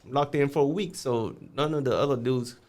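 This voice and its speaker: A man guesting on a podcast tells a street story in a casual way, cursing freely and doing the voices of the people involved. His voice is mid-range with a darkish tone, and he talks briskly.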